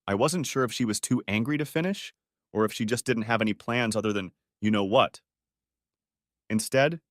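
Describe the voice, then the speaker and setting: A man narrating a first-person revenge story as an audiobook, with expressive, dramatic storytelling. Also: lowish voice, dry recording, clean studio sound.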